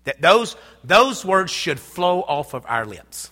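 A man's voice: high-pitched, very animated, a little slow, few pauses, pushed and bright. Emphatic preaching man in an echoing hall. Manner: emphatic preaching, repeats phrases, calls out to the congregation. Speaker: pastor. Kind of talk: sermon. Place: church hall.

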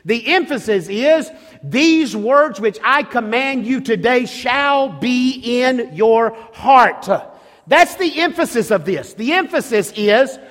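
A middle-aged male pastor with a notably high voice delivers a sermon, hammering home repeated phrases and stumbling into restarts as he presses each point. His words carry a long reverb, as if spoken in a large sanctuary. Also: expressive, takes it slowly, a bit bright. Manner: emphatic, repetitive preaching with restarts.

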